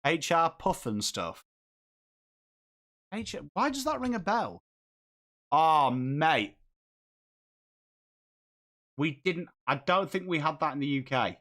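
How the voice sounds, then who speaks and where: A slightly high, sing-song voice, slow and bright with frequent pauses, comes from an Englishman hosting a live football watchalong stream. He chats casually, reads and answers viewer comments, and calls the play as he reacts to the game.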